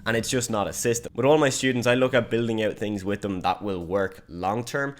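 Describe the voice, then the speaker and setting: A man's voice: on the low side, steady tone, a little fast. A young man giving an online marketing lesson in a direct, emphatic coaching manner.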